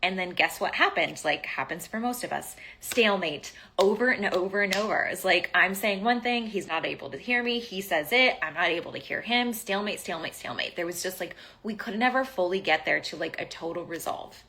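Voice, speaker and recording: A woman's voice: medium pitch, animated, a little fast, few pauses, bright, forceful tone. A woman hosting a podcast, talking through a personal story in a casual coaching monologue, emphatic and repetitive, swearing now and then. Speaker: podcast host.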